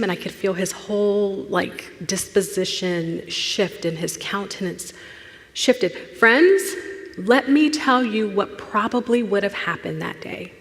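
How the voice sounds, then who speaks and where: In a church sanctuary, a woman who works as a therapist shares a personal story, acting out its voices and sinking to a hush at tender moments. Her voice is mid-range, and a long hall reverb fills the recording.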